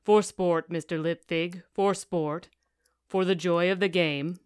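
A steady male golem from a storybook, lecturing in formal and literal sentences, as a woman reads him aloud. The voice is fairly low and smooth, and it sits in a dry, close room. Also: unhurried, no echo, natural voice. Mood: calm, stern.

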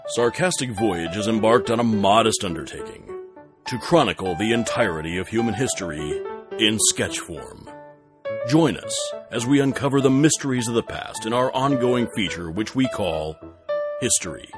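A man's voice: fairly low pitch, expressive, normal speed, over music. A man hosting a comedy podcast with dry, mock-formal scripted narration. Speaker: host.

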